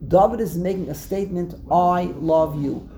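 Gravelly low-voiced woman teaching Torah. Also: normal speed, mellow. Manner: explanatory, repeats words, quotes verses with emphasis. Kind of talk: text study class.

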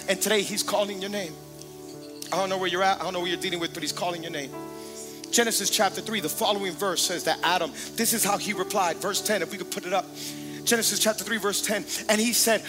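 A middle-aged man preaching a sermon as pastor, emphatic and energetic, calling out to the congregation. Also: high voice. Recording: long hall reverb with music underneath.

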